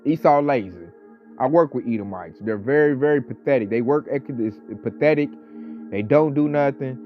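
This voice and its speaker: A man delivering a casual ranting monologue, talking with animated, mocking energy and mimicking coworkers. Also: medium pitch, normal speed. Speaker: online commentator. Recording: slightly dull audio, faint background music.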